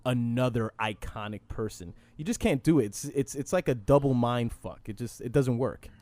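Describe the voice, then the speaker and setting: A man's voice: medium pitch, normal speed, a little mellow, no echo. A man hosting a podcast, talking casually in brash, joking bursts. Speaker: podcast host. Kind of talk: casual chat.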